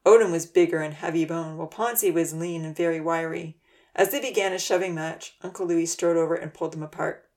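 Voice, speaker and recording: A woman narrating a children's storybook aloud in a steady, gentle way. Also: lowish voice, brisk.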